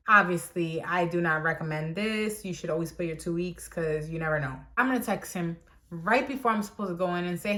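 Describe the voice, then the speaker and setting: A woman's voice: lowish voice, a little fast, pushed and bright. A young woman vlogger telling a casual story, chatty and exasperated, acting out quoted dialogue as she goes. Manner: exasperated, with frequent "like" fillers.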